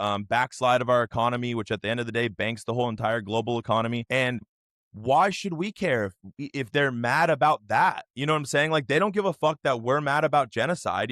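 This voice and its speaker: A man's voice: medium pitch, fairly bright tone, no echo, clean studio sound. Rambling, profane man. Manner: rambling, profane, heavy use of "like". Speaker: podcast host. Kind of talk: casual chat.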